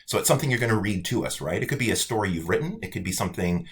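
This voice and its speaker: Deep-voiced casual college instructor. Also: male voice, rapid-fire. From United States. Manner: casual, animated, talks directly to students. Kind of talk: weekly online class update.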